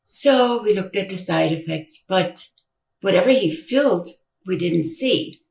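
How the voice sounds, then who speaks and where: An older woman giving a personal account in an interview, speaking haltingly and repeating her words as she retells conversations. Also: mid-range voice, animated, gravelly, darkish tone. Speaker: interview guest, grieving mother. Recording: echoey room, distant mic.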